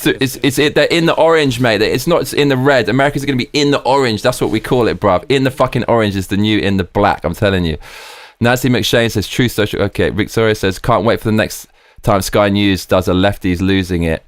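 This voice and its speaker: A man hosting a live stream, excitedly reading viewer comments aloud and swearing freely. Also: lowish voice, fairly quick, no room sound.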